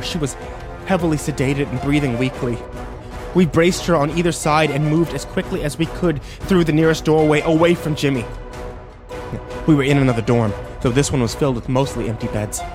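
A man's voice: a little high, steady tone, a little fast. Male narrator, first-person story, tense, emotional, faint music.

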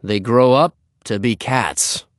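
A man's voice: mid-range voice, slow, no room sound, close to an everyday voice. A man doing a firm, dry-humored father. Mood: teasing.

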